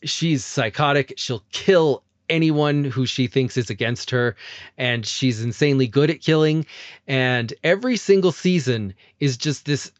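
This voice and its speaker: A man hosting a casual film podcast who laughs often and retells scenes with animated energy. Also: mid-range voice, a little slow, dry recording. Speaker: podcast host.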